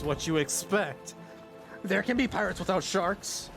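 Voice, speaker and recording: A man chats his way through a game stream, joking and exclaiming as he plays. His delivery is slow but his pitch swings widely. Game music plays faintly beneath him. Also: animated, gravelly. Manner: chatty, joking, exclaims often. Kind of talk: casual live-stream commentary.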